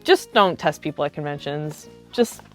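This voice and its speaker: A woman in her thirties tells convention stories to her viewers, casual and animated, leaning on "like" between nearly every phrase. Her voice sits on the lower side for a woman, with soft music playing faintly underneath. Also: normal speed. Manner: chatty, animated, heavy use of filler "like". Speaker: cosplay vlogger. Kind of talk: casual storytime.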